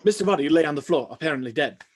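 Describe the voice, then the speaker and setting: A reader plays a frantic butler racing through his explanation of the murder. The pitch jumps wildly, from low mutters to sudden yelps. It is a live script reading, hurried and breathless. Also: expressive, slightly rough.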